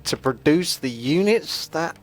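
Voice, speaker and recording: A young man hosting a gaming channel, chatting and joking as he thinks out loud through live gameplay commentary. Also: fairly high pitch, expressive, unhurried. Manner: chatty, jokey, thinks aloud while playing.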